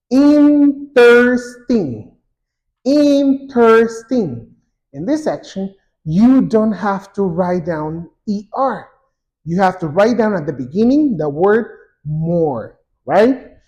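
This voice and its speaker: A man teaching an English grammar lesson, saying example words twice, slowly and clearly. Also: high voice, lively intonation, a little mellow. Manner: slow and repetitive, drawing out example words.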